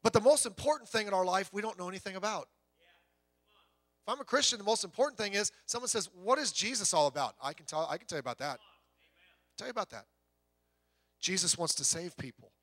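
Casting: middle-aged man preaching a casual, humorous sermon, high bright voice, dry close sound, acts out little voices. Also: quick pace, long pauses, no room sound. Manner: animated storyteller, acts out voices, rising to loud exclamations. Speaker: pastor.

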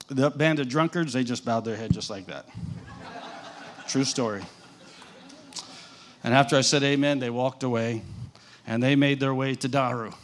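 A man preaching as a missionary, telling a story to his audience with dramatic flair and frequent questions to them. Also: mid-range voice. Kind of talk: animated sermon storytelling.

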